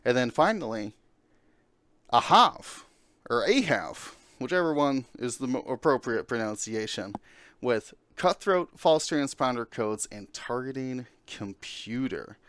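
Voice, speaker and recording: A man's voice: mid-range voice, animated, a little slow, dry recording. A man hosting a casual podcast, talking through game lists with many fillers. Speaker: podcast host.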